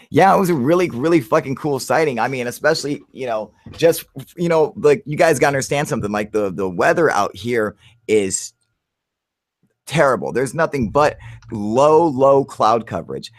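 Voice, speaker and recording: A man hosting a casual live chat, excitable and profane, calling everyone dude as he tells a story. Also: mid-range voice, no room sound, studio quality. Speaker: channel host on a livestream.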